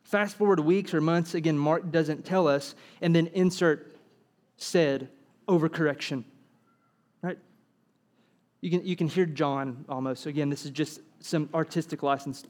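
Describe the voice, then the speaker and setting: Animated high-voiced preacher. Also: male voice, unhurried. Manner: animated, acts out quoted dialogue, asks rhetorical questions. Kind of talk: sermon.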